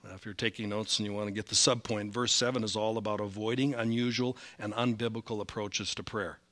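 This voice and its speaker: A male senior pastor preaching a sermon, animated, rising in volume when he reads scripture and slipping in self-deprecating asides. His accent is Upper Midwest American. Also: fairly low pitch, fairly quick. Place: church sanctuary.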